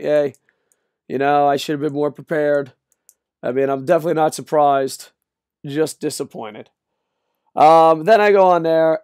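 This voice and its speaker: A man's voice: a little high, darkish tone, dry recording, clean studio sound. An older man ranting, exasperated and sarcastic, with frequent profanity, in a solo video. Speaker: wrestling commentator.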